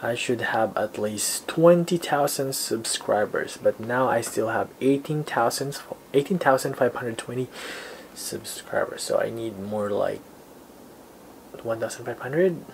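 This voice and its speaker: A man's voice: mid-range voice, measured pace, vocal fry, slight background noise, poor audio. A young man with a Filipino accent chatting casually and playfully to camera in a vlog, rambling with chuckling asides. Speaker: vlogger.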